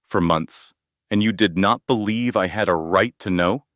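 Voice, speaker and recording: A man voicing a wealthy male crime boss who speaks coldly and deliberately, hurt beneath his fury. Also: lowish voice, a bit bright, no room sound, clean studio sound. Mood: cold, demanding. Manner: cold, deliberate, demanding.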